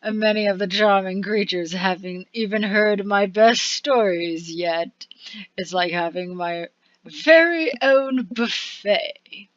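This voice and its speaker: A woman's voice: mid-range voice, moderate pace, hardly any pauses, no echo, natural voice. Woman doing a sly gushing court bard. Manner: put-on odd accent, gushing and theatrical. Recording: dull lo-fi recording.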